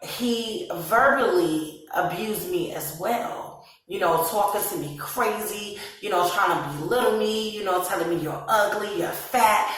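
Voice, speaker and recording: A woman's voice: medium pitch, a bit bright, far from the mic, a little hiss or hum. Woman, casual vlog storytelling, laughs as she talks, voice set back from the mic in a very echoey room. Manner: laughs often while telling a serious story; acts out her own past reactions in quoted asides. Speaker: vlogger.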